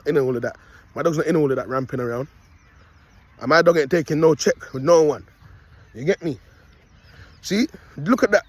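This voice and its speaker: A man's voice: high-pitched, breathy edge, no room sound. A young man, filming himself on a phone outdoors while walking his dog, delivering a rambling, preachy monologue that he keeps punctuating with "you get me" and "people.". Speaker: self-styled prophet vlogger.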